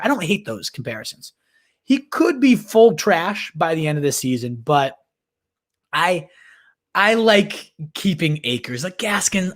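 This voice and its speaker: Running a live fantasy football Q&A, a man with a slightly bright voice on the high side chats in a hyped, slangy way. He calls his viewers "baby" and "my dude" and often breaks off mid-sentence to restart, repeating words as he thinks.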